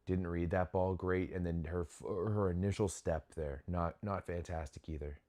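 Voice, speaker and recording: Young man, very deep voice, casual live commentary, sudden excited exclamations, restarts phrases. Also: moderate pace. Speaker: watch-along host.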